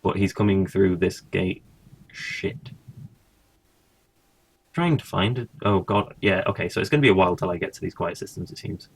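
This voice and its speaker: Low gravelly man commenting on a game. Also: normal speed, pauses often. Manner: muttering, swears casually, thinks aloud. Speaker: gaming streamer. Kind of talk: casual gameplay commentary.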